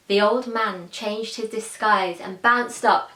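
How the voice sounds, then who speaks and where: A woman's voice: medium pitch, fairly even intonation, slow, bright, forceful tone. A woman telling a children's story expressively, asking her listeners questions, in an echoey room.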